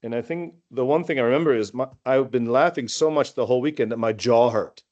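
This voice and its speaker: A man who used to be a student reminisces on a video call, casually telling rambling stories and restarting often. He talks fast in a mid-range voice with a darkish tone, heard through dull audio.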